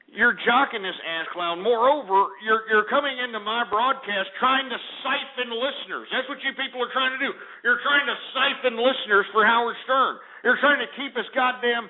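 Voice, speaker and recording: A man hosting a call-in radio show, ranting and hurling insults in a brash, scornful way. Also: sits high. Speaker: radio talk show host. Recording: phone-like narrow band.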